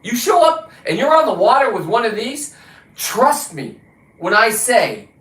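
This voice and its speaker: A man hosting a livestream, ranting casually and combatively with a lot of swearing, his pitch and volume jumping around. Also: very animated, unhurried, a bit bright, roomy sound, poor audio. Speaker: livestream host. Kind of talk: casual profane rant.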